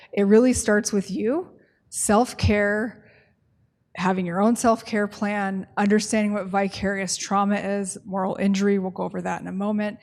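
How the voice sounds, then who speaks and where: A woman leading a staff training workshop, talking in a brisk, conversational way and often checking in with the group. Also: mid-range voice.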